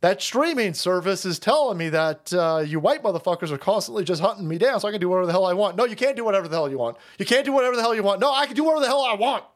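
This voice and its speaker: A man putting on the voice of a panicked driver who whines and protests rapidly against the police. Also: high-pitched, expressive. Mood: indignant.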